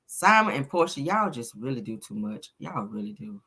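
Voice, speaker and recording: A woman's voice: extremely low pitch, big pitch swings, moderate pace, a bit bright, husky. A woman hosting a casual celebrity gossip livestream, talking sassily to her chat and peppering her talk with "honey" and "child".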